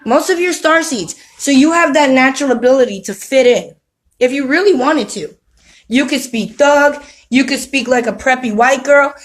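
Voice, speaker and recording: A woman's voice: sits high, moderate pace, rough recording. Slangy woman preaching spiritual talk. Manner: streetwise slang, preachy, asks "you know what I mean?". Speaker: spiritual vlogger. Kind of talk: casual spiritual talk to camera. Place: home with children around.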